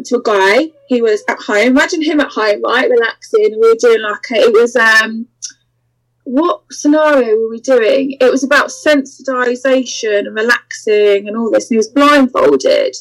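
Guest spot: high-pitched woman, lively and candid, acts out every voice in her anecdotes. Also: low-quality recording. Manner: animated, acts out quoted voices, laughs through the story. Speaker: interview guest. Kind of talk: candid storytelling in a podcast interview.

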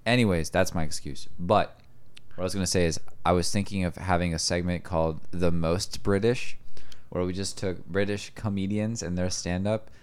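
Deep-voiced guy, dry deadpan humor, just hanging out and chatting on a podcast. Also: normal speed, clear, resonant tone. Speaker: podcast co-host. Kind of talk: casual comedic chat.

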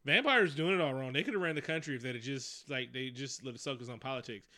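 A man co-hosting a podcast, talking casually and profanely about a movie, animated and laughing often. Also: medium pitch, quick pace. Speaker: podcast co-host. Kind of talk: casual movie review chat.

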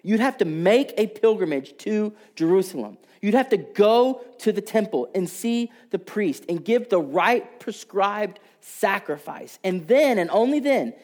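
Man preaching a sermon. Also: sits high. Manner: storytelling with shifts between loud and hushed delivery. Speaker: pastor.

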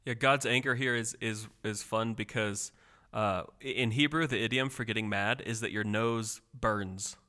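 Bright-voiced man explaining scripture. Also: lowish voice, moderate pace. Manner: thoughtful, explains language details with hesitations. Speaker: podcast co-host. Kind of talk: casual Bible discussion.

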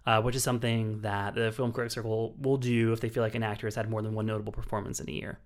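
A man's voice: lowish voice, little pitch movement, fast talker. A man co-hosting a casual film review podcast, chatty and thinking aloud with lots of fillers and restarts.

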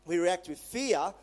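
Brief: male pastor, fairly high voice, conversational animated sermon delivery. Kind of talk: sermon with scripture reading.

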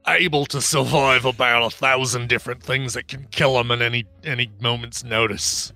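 A man co-hosting a podcast, riffing with quick comebacks in casual comedic chat. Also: mid-range voice, fairly even intonation, vocal fry, pushed and bright, dry recording, faint music behind. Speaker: podcast co-host.

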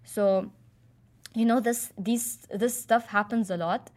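Hesitant young woman, halting speech. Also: a little high, steady tone, a little mellow. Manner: hesitant, many fillers and restarts. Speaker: client describing relationship. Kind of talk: casual conversation.

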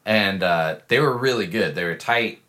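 A man's voice: lowish voice, animated, normal speed, fairly bright tone. A young man co-hosting a casual podcast, rambling with lots of fillers and laughing. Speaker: podcast co-host. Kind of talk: casual chat.

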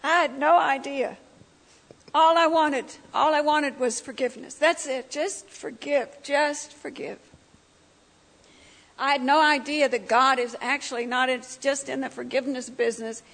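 Her voice sits high and a bit bright, with fairly even intonation and a moderate pace. The middle-aged guest speaker gives her personal testimony at a church breakfast in a meeting hall, acting out what others said as she tells the story vividly; long hall reverb colors the recording.

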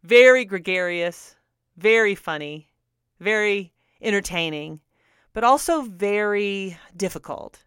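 A woman's voice: lowish voice, fairly bright tone, clean tone, no echo, studio quality. A middle-aged woman radio host telling a personal story in a candid, earnest way, laughing now and then. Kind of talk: personal testimony talk.

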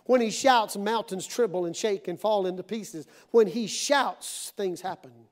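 A middle-aged man preaching a sermon to his congregation in church, dramatic, acting out voices and swinging between loud and hushed. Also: high-pitched, a little slow. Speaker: pastor.

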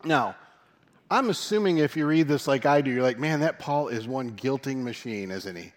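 A man's voice: mid-range voice, normal speed. Chatty pastor man preaching. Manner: chatty, self-joking, animated asides. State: dry mouth from caffeine. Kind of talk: sermon. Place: church service.

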